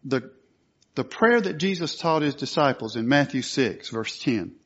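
A man's voice: mid-range voice, expressive, unhurried, husky. Man preaching a sermon. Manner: earnest, rising to forceful emphasis. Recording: dull lo-fi recording.

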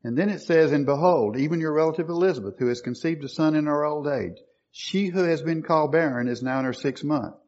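A man's voice: on the high side, fairly quick, darkish tone, lo-fi sound. A man preaching a sermon, quoting scripture and stressing key words emphatically.

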